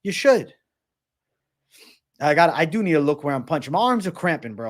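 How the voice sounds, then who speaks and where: A man's voice: fairly high pitch, very animated, normal speed, pauses often. Hyped streamer guy cussing and hollering at chat, a bit winded, voice jumps all over the place. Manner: hyped, profane, shouting out viewers. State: out of breath from shadowboxing. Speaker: live stream host. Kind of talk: casual live stream chat.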